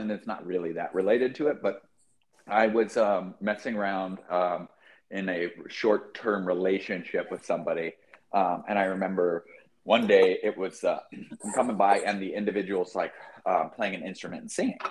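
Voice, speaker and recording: A man's voice: deep voice, steady tone, normal speed. A man chatting casually with friends on a podcast, telling a story hesitantly with many fillers. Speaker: podcast co-host. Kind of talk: casual chat among friends.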